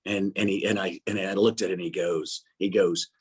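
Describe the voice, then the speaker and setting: An older man, a guest on an interview show, telling a personal story in a rambling, halting way with frequent laughs. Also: low-pitched, flat delivery, husky.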